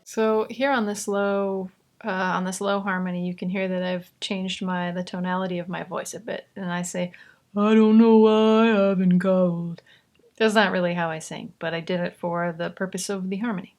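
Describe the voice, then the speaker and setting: A young woman explaining how she records and layers vocals, in a chatty, relaxed way with asides. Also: lowish voice, brisk. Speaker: vocal producer teaching. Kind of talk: casual tutorial explanation.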